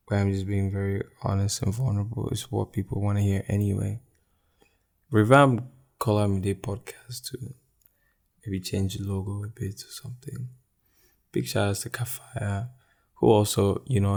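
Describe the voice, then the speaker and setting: A man in his twenties hosts a casual solo podcast, candid and rambling as he thinks aloud. His voice is fairly low in pitch, with noticeable vocal fry.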